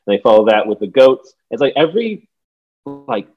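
A man's voice: medium pitch, big pitch swings, normal speed, husky, lo-fi sound. A man in a casual movie discussion on a podcast, rambling and filling his talk with "like" while laughing often. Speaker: podcast co-host.

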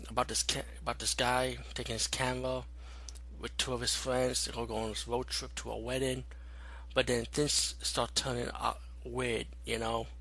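A man's voice: mid-range voice, pushed and bright, poor audio. A young man giving a loose, rambling spoken movie review, full of fillers and swearing.

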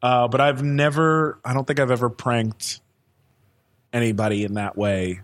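Podcast guest, a man with an ordinary mid-pitched voice, loose rambling storyteller. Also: fairly even intonation, moderate pace. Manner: rambling storyteller, many likes and ums, acts out voices loudly. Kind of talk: casual chat.

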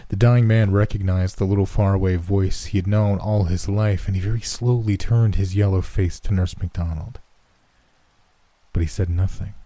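A man narrating a horror story in a slow, measured way. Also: low voice, fairly even intonation, dark tone, dry recording.

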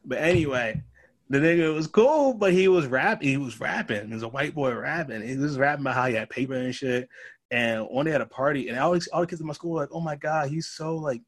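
A man's voice: fairly high pitch, a little fast. A young man from the Boston area, a comedian, telling stories in casual chat and acting out the people he quotes. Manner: animated storyteller, acts out quoted voices.

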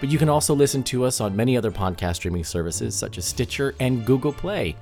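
A man's voice: mid-range voice, expressive, fast, darkish tone, faint music behind. A man hosting a podcast, wrapping up the episode in a friendly, chatty way. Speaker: podcast host. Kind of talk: podcast outro.

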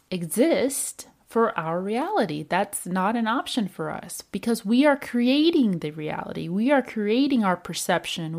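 A woman speaks slowly and unhurriedly, her voice sitting at an ordinary middle pitch. She talks like a self-help coach, calm and reflective, asking the listener question after question as she works through feelings. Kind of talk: reflective motivational talk.

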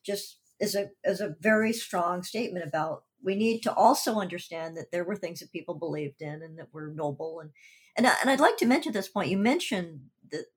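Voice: mid-range voice, animated, a little fast, breathy edge. An interviewer asking questions eagerly and stumbling over the openings of sentences. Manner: eager, stammering restarts.

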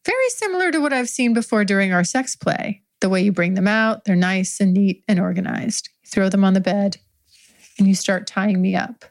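A woman's voice: mid-range voice, expressive, normal speed. A woman hosting an adult podcast, telling an improvised first-person story in a candid, profane way and laughing often as she goes.

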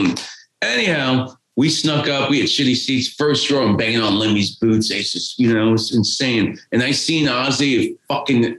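A man's voice: on the low side, a bit bright. A man, telling a rambling, profane story as a podcast guest. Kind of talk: casual storytelling. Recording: roomy echo.

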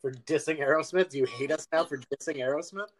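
A man hosting a podcast in casual chat, laid-back and pausing often with ums. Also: a little high. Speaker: podcast host.

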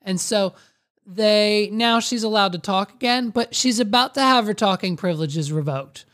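A woman's voice: mid-range voice, normal speed, a bit bright. A woman commenting casually and comically, rambling with plenty of "like"s and some crude language. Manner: rambling, crude, full of likes.

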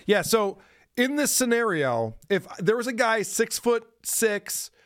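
A man's voice: high-pitched, big pitch swings, slow, no echo, studio quality. A man co-hosting a comedy podcast, making sarcastic, mocking jokes in a casual chat. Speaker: podcast co-host.

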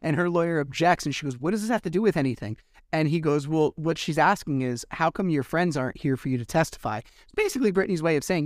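On a studio-quality recording with no echo, a man with a voice on the high side hosts a podcast, running through events in a casual monologue. He animates the story with acted-out exchanges and some swearing.

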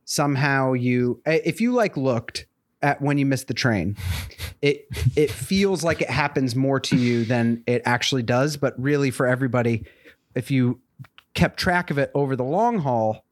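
A male podcast co-host chats casually at a moderate pace and medium pitch. He rambles, with many fillers and restarts.

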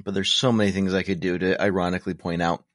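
A man's voice: low voice, little pitch movement, quick pace, a bit bright, no echo, clean studio sound. A man co-hosting a podcast in casual chat, rambling and self-deprecating with sarcastic humor. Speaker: podcast co-host.

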